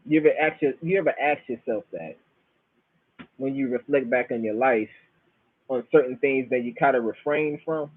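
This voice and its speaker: Here a man hosts a loose, rambling show, telling stories in profane, easygoing slang with a Florida-flavored Southern accent. He talks at a normal speed with a medium pitch and a breathy edge, over a dry, phone-like, tinny recording.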